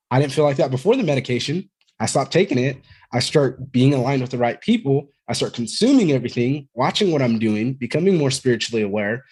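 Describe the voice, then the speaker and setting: A man's voice: mid-range voice, animated, fast, darkish tone, slightly rough. A man in his thirties, a podcast guest who talks candidly and at length, rambling a bit and swearing freely. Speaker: podcast guest, Marine veteran. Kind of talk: casual conversational storytelling.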